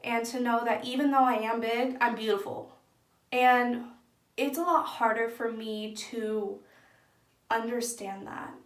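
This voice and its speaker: A woman's voice: on the high side, steady tone, measured pace. A young woman talking openly and earnestly to camera in a personal vlog. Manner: earnest, open and soft-spoken. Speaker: vlogger. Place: echoey room at home. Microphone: camera in front of speaker. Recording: echoey room.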